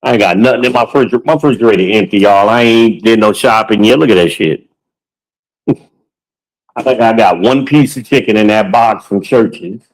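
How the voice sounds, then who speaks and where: A man's voice: lowish voice, moderate pace, rough recording. A podcast host talks casually to viewers while walking through his home, boastful and joking, swearing freely.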